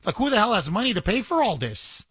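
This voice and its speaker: Male call-in show host, animated ranter, tenor-ish, dry studio. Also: high voice, quick pace, slightly rough, no room sound. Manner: indignant, animated, repeats himself. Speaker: radio talk show host. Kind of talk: call-in radio talk.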